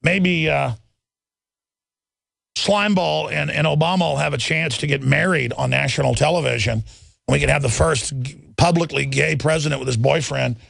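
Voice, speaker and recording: A man's voice: a little high, moderate pace, gravelly, fairly bright tone, no echo. A man hosting a talk radio show, ranting angrily and repeating himself as he works up his outrage.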